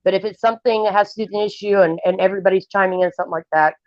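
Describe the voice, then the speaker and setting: A woman's voice: mid-range voice, steady tone, racing, no echo. Blunt woman on dull lo-fi stream audio. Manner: blunt, opinionated, talks at length. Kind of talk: casual livestream chat.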